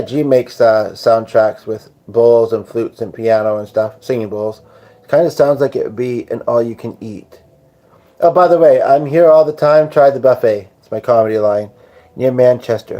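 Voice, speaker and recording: A man's voice: medium pitch, dark tone, dull audio. A tired man hosting a live stream, rambling and joking casually as he answers viewers' comments. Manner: rambling, jokey, chatty with viewers. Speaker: livestream host.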